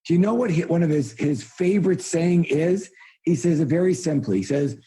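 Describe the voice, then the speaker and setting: A man delivering a motivational seminar in a blunt, emphatic way, throwing rhetorical questions at the crowd. His voice sits a little high but sounds mellow and husky, and he often breaks into loud, high exclamations. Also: normal speed. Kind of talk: live motivational seminar talk.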